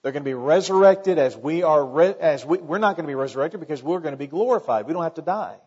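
Pastor guy preaching, kinda high voice, joking asides, muffled lo-fi sound. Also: animated, fast talker, a little mellow, husky. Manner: conversational preaching with wry asides. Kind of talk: sermon. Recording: long hall reverb, dull lo-fi sound.

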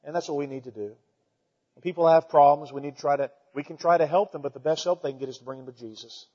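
A man's voice: a little high, fast talker, highs cut off. Folksy preacher man in echoey hall. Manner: folksy, animated preaching with rhetorical questions. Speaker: pastor. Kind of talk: sermon.

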